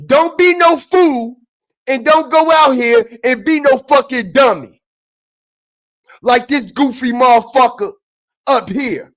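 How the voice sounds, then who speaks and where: A man streaming a heated, profane commentary who keeps repeating his points, shifting from low muttering to shouting. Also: slow, long pauses. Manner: repetitive, emphatic, often repeats phrases; profane and confrontational.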